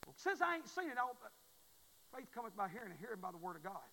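Man, Southern US accent, preacher, folksy emphatic sermon, high-pitched, bright forceful tone. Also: big pitch swings, quick pace, vocal fry, slight background noise, low-quality recording. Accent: Southern US (Mississippi). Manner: folksy, emphatic, repeats phrases, swings from hushed to near shouting.

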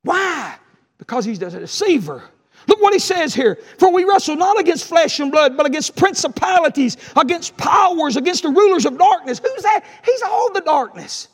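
A man, preaching an impassioned sermon and telling a personal story, shouting at the peaks. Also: extremely high pitch, big pitch swings, normal speed.

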